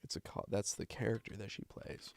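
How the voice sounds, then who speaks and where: A man's voice: a little fast, no room sound. A man, a voice actor, chatting with his stream viewers in a loose, rambling way. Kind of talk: casual live-stream chat.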